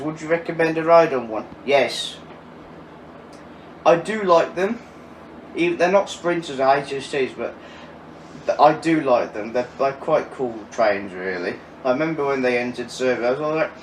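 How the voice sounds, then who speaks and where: A man's voice: mid-range voice, animated, measured pace. Casual young man, laughs a lot, swears, heard from across a roomy space, faint background hum. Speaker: railway vlogger answering viewer questions. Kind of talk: casual Q&A chat. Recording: echoey, distant mic with faint ambient noise.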